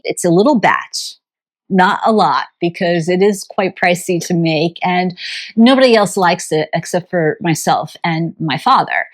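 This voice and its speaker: Slow, low-voiced woman telling a gentle story. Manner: gentle, heartfelt, reflective. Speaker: farm vlogger. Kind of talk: reflective storytelling monologue.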